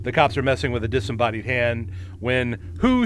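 A man's voice: mid-range voice, lively intonation, normal speed, a little hiss or hum. A man co-hosting a podcast, recapping a horror film with wry, jokey asides. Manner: wry, jokey asides with lots of "you know". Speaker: podcast co-host. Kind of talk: casual film-recap chat.

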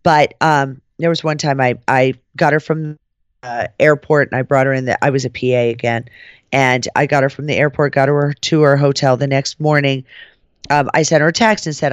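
A woman's voice: very deep voice, moderate pace, clean tone, no echo. Foul-mouthed woman telling a backstage story. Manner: profane, animated, acts out quoted voices. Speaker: podcast host. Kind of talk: casual storytelling chat.

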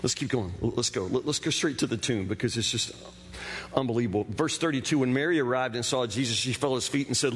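A man's voice: medium pitch, quick pace, fairly bright tone, in a large hall. A man preaching a sermon in a conversational, emphatic way, often stammering over restarts. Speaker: pastor.

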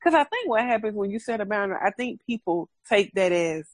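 A woman talks in a frank, animated way, cursing freely and breaking into laughter. Her voice sits at a mid pitch and is recorded close and dry, with no room sound. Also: fast, no room sound. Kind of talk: casual chat.

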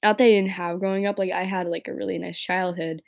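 A teenage girl from New York talking through her breakup on her own podcast, rambling and filling every pause with "like" and "right?". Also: fairly low pitch, level tone, creaky, darkish tone. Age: teens. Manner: rambling, heavy use of "like" and "right?". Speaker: podcast host. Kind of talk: casual personal podcast monologue.

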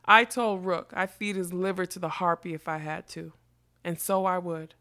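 A woman's voice: on the low side, steady tone, moderate pace, sharp tone. A woman reading a storybook, voicing a scheming old carnival witch with a sweet, smoky, mocking voice. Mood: raging. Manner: mocking, snarling when crossed.

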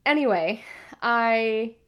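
A woman's voice: on the high side, animated, slow, clear, resonant tone, dull audio. Woman cohost chatting away, tells a story, lots of "like" and quoting herself. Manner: chatty storyteller, full of fillers and quoted reactions. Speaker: podcast co-host. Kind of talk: casual chat.

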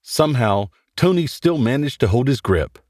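A man hosting and narrating a horror story in a dramatic, animated reading. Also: mid-range voice, normal speed, no echo, clean studio sound. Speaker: host and narrator.

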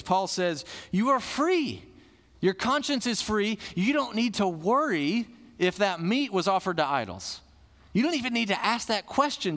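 A man preaches in a relaxed, conversational way, posing questions to the room and then answering them. His voice sits high for a man. The sound carries a long reverb from a church hall. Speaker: pastor. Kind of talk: sermon.

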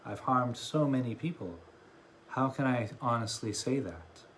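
A man's voice: mid-range voice, lively intonation, unhurried, a bit bright, a little hiss or hum. A man voicing Angulimala, a remorseful male monk who was once a killer, speaking in an earnest, pleading way in a spoken dharma story. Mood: troubled.

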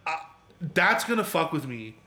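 A man's voice: fairly high pitch, big pitch swings, moderate pace, bright, forceful tone. A young man on a podcast, telling a long story in rambling casual chat with many restarts and swearing. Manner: rambling storyteller who stammers and swears a lot. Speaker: podcast co-host.

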